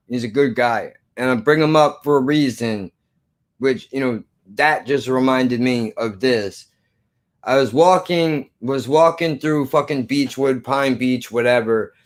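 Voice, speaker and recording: A man telling a profane personal story, acting out both sides of an old argument. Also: medium pitch. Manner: animated, swearing, acts out both sides of an argument.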